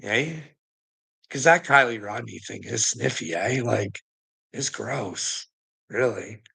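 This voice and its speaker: A man's voice: lowish voice, animated, takes it slowly, gravelly, sharp tone, husky. A man vlogging in a casual, rambling, profane rant, laughing often between his lines.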